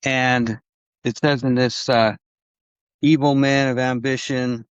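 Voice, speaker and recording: A man speaking as a guest on a podcast, telling a story in a loose, rambling way and stopping often to restart. He acts out the people he quotes as he goes. His voice sits mid-pitch and comes through a dull, lo-fi recording with no room echo. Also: level tone, slow, clear, resonant tone. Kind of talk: conversational storytelling.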